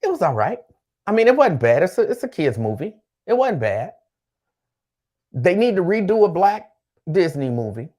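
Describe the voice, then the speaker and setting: A man's voice: sits high, very animated, moderate pace, pauses often, a little mellow. A man hosting a casual live-stream call-in chat, greeting viewers by name and often repeating his phrases. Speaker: host.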